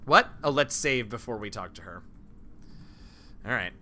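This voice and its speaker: Bright-voiced joking male streamer. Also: fairly low pitch, normal speed, faint music behind. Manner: joking, self-deprecating, animated. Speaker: streamer and game host. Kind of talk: casual let's-play chat.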